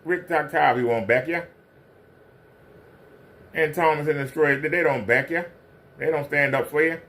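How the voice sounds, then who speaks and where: A man's voice: fairly high pitch, normal speed, a bit bright. A man hosting a livestream, ranting confrontationally and hammering the same pointed questions. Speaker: livestream commentator.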